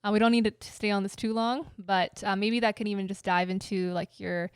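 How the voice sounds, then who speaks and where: A woman's voice: medium pitch, fairly even intonation, a little fast, clear, resonant tone, no room sound, clean studio sound. A woman co-hosting a podcast interview, rambling casually with many "like"s and restarts. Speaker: podcast co-host.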